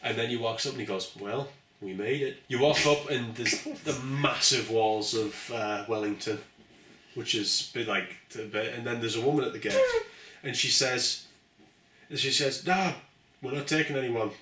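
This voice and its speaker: A man with a bright, forceful tone walks through video game scenes in casual chat, quoting the characters. The room is roomy and he sits away from the microphone. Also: mid-range voice, normal speed. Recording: roomy, distant from the mic.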